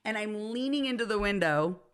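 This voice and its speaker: This woman's medium-pitched voice is clean, and she talks a bit fast. A podcast co-host in her thirties, she shares stories in a casual chat, frequently laughing and acting out the voices of the characters.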